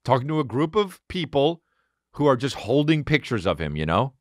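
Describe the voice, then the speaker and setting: A man hosting a comedy podcast, reacting to a clip with loud, profane, laughing commentary. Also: mid-range voice, sing-song, moderate pace, no echo, clean studio sound. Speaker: podcast host.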